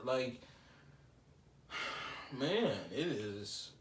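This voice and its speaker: A man's voice: lowish voice, measured pace. Rambling young man in a roomy space. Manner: rambling, filler-heavy, self-reflective. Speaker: podcast host. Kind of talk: casual solo podcast talk. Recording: roomy, slightly distant mic with faint ambient noise.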